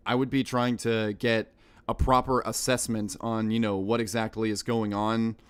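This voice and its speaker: Young american dude reading a game out loud on stream, chatty rambling asides. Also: male voice, fairly low pitch, moderate pace, clean tone. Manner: rambling, animated commentary with laughs. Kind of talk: reading a visual novel aloud with commentary.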